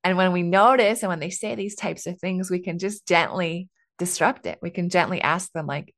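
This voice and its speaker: A woman's voice: fairly low pitch, normal speed, hardly any pauses. A woman in her thirties hosting a casual solo podcast, chatty and candid, laughing often and sprinkling in "like" and "right.". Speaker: podcast host.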